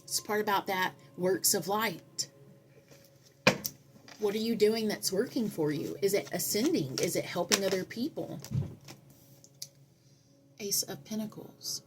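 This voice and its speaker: Woman in a mid-range voice reads tarot cards, earnest and sermon-like, with drawn-out dramatic pauses. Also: medium pitch, background noise. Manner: earnest, preachy, speaks in repeated affirmations. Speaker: tarot reader. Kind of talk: spiritual tarot reading.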